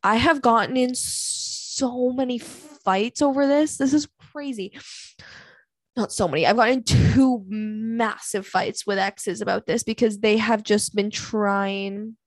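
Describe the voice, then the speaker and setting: A young woman hosts a candid solo podcast where she rants about the things that bug her in dating. She speaks slowly in a medium-pitched, fairly even voice, with no room sound. She swears a lot, sighs often, and keeps things blunt and dramatic.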